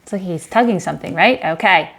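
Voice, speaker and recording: A woman reading a children's book aloud in a lesson, saying each line slowly and clearly, then quickly and softly prompting the child to read along and praising them. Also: on the low side. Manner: encouraging, asks simple questions. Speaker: teacher reading with a young child.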